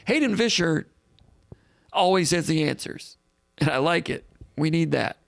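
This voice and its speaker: A man's voice: a little high, expressive, unhurried, creaky, no room sound, clean studio sound. A man hosting a live call-in sports show in a casual, rambling way, reading out comments and thinking aloud.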